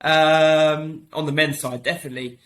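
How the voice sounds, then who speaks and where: Co-host, male, quick and jokey, higher bright voice. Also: fairly even intonation, a little hiss or hum. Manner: joking, quick banter. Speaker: podcast co-host. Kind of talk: casual sports podcast chat.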